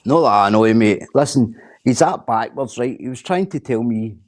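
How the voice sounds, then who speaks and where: A man's voice: mid-range voice, expressive, normal speed. A Scottish man in casual chat on a stream, blunt, sweary and repeating himself as he rants.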